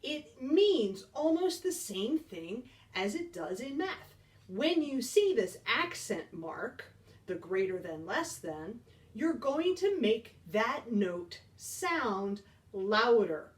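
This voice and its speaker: A woman's voice: on the high side, very animated, slow pace, far from the mic. A woman band teacher giving a beginner percussion lesson, upbeat and encouraging, counting beats aloud.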